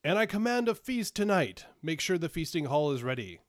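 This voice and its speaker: A man's voice: mid-range voice, expressive, measured pace, darkish tone, dry recording, clean studio sound, natural voice. A man doing an imperious giant king. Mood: commanding. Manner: grand, formal, commanding speech. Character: imperious male giant monarch, once depressed. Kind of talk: tabletop role-play.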